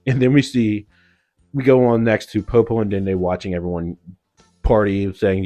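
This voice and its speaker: A man's voice: fairly low pitch, normal speed, mellow, faint music behind. A man giving a casual, slangy recap of an anime episode, loose and full of "like" and "yo". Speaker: anime reviewer.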